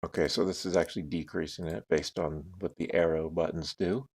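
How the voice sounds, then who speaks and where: A man's voice: low-pitched, steady tone, a little fast, a little mellow, husky. A man live streaming who talks casually and thinks aloud while adjusting his microphone settings. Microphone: desk microphone with noise gate and compressor.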